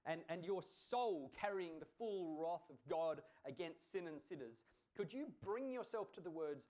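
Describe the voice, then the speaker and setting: A man's voice: a little high, lively intonation, moderate pace, darkish tone. A man preaching a sermon in an earnest, emphatic way, asking rhetorical questions.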